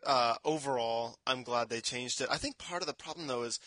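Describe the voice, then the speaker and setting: A man co-hosting a podcast in casual chat, animated and often stumbling over his words. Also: medium pitch, fairly quick, dry recording. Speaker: podcast co-host.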